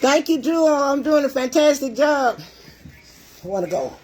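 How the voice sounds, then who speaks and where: A woman's voice: sits high, lively intonation, normal speed, darkish tone, faint music behind. An older woman hosting a casual livestream, out of breath and greeting her viewers by name. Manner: chatty, greets commenters by name. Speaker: livestream cooking show host.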